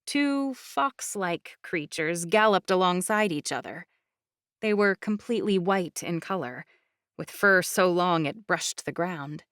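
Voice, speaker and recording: Woman reading a fantasy audiobook, lowish voice, dead dry studio sound. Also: measured pace, no echo. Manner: even, clear storytelling. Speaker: audiobook narrator. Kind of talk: scripted first-person narration.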